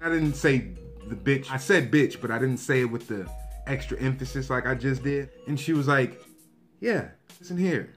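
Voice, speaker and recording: A young man vlogger telling a story to his viewers, animated and profane, acting out the lines of the people in it. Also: mid-range voice, moderate pace, soft background music. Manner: animated, profane, acts out quotes. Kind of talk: casual storytelling to camera.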